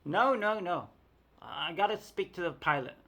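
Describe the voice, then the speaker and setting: A woman's voice: fairly low pitch, lively intonation, moderate pace, a bit bright. A woman voicing a stubborn ten-year-old boy who insists on having his way. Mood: insistent.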